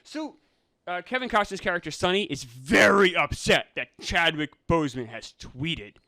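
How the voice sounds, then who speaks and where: A man co-hosting a casual podcast, incredulous and teasing, with quick asides. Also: high-pitched, animated, pushed and bright, no room sound. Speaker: co-host, film reviewer.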